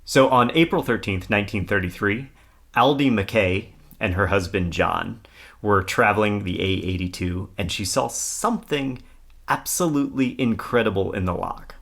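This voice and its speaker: A man's voice: on the low side, moderate pace, gravelly, a bit bright. A man co-hosting a podcast, telling a history story in casual chat, laughing often and reading old newspaper text aloud. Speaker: podcast co-host.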